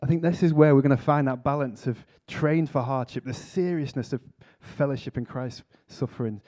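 A man speaking at a church conference tells a story in a hall, earnest but poking fun at himself. His voice is mid-range and a little mellow, at a moderate pace.

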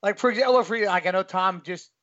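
A man's voice: sits high, fast talker, fairly bright tone, no echo. A man hosting a casual interview, asking jokey teasing questions. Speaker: host. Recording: dry muffled lo-fi mic.

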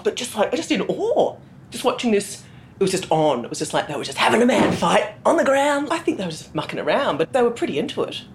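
A woman, presenting and casually telling an animated, sweary story. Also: mid-range voice. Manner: animated, swears casually, quotes people in voices. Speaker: radio presenter.

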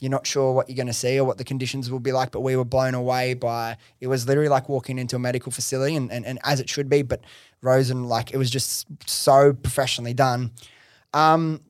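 A man's voice: medium pitch, fast talker, smooth, dry recording. Slangy young man telling his story, dry mic. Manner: lively, slangy retelling with frequent swearing and fillers. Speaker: podcast host interviewed as guest, business founder. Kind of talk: casual interview storytelling.

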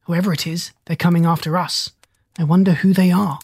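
A single audiobook reader voicing a watchful duck who gives anxious warnings, in a husky voice. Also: mid-range voice, fairly even intonation, fairly quick, a little mellow, no echo. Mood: fretful. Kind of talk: audiobook character voice.

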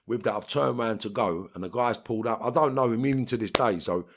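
Quick and medium-pitched, this middle-aged Londoner tells stories in an interview with blunt, streetwise flair. He swears and mimics the voices of people he quotes.

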